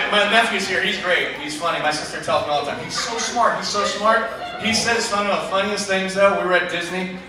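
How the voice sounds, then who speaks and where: A man in his forties, a chemistry teacher doing a self-deprecating stand-up routine with rambling asides. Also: high-pitched. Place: school auditorium stage with live audience. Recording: echoey auditorium taped from far off. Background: laughing crowd and loud room noise.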